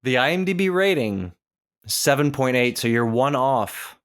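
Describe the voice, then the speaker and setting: Man calmly running a podcast quiz. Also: medium pitch. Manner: measured, methodical scorekeeping. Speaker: podcast co-host running a rating game. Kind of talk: casual chat.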